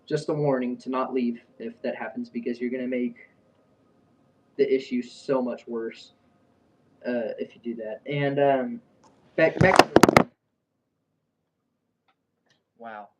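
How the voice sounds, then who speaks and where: A man's voice: medium pitch, fairly even intonation, a little slow, noisy background. Young man rambling through a story. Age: young adult. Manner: rambling, with many fillers and restarts. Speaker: vlogger. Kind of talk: casual storytelling. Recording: dull sound, a bit far from the mic.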